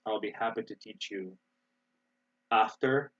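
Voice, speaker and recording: An American man teaching English in an online webinar, explaining in a relaxed way with many fillers and restarts. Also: on the low side, measured pace, dull audio. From United States.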